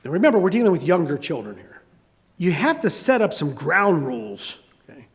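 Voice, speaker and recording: A man's voice: on the high side, big pitch swings, brisk, big-room sound. An older man preaching a sermon, telling a story with conversational asides. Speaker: pastor.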